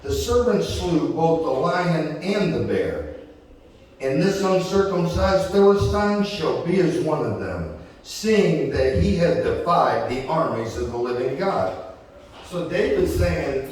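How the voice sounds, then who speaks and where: A male preacher with a fairly high voice reads scripture and then retells it in loose, everyday speech, voicing the characters as he goes. He sounds distant from the mic, with a heavy church-hall echo ringing around him and a faint room hum underneath. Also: sing-song, a little slow. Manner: retells scripture in casual paraphrase, acting out the characters. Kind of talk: sermon with scripture reading. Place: church sanctuary.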